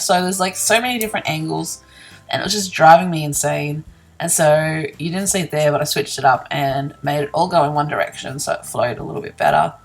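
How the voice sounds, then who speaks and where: A woman casually narrating her scrapbooking process in a chatty, self-deprecating way, laughing often and yawning early in the morning. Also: deep voice. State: sleepy, yawning. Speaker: scrapbooking vlogger.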